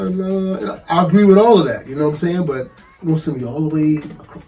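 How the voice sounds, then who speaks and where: Animated man telling a story, distant mic. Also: on the high side, fast talker, soft background music. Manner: animated, profane, laughs often, acts out quoted voices. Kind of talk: casual storytelling.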